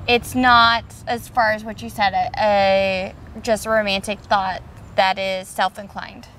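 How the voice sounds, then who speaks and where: A woman's voice: mid-range voice, level tone, unhurried, a bit bright, a little hiss or hum. A woman as a guest in a casual chat, talking and giving short encouraging reactions.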